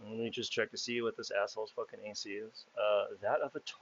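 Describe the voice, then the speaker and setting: A man's voice: fairly low pitch, level tone, quick pace, fairly bright tone, lo-fi sound. A man narrating and running a tabletop game in a casual, loose manner, swearing freely. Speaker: game master.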